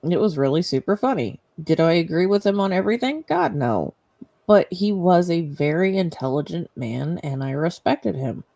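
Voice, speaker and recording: A man's voice: fairly high pitch, animated, moderate pace, vocal fry, dark tone. A man talking earnestly and emphatically on a live stream. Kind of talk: casual live-stream talk.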